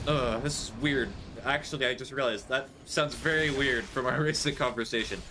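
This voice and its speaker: A man's voice: mid-range voice, expressive, measured pace, long pauses, noisy background. A man streaming a game, chatting casually with viewers in a joking, sarcastic way. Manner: joking, sarcastic, laughs often. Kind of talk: casual live-stream chat while gaming.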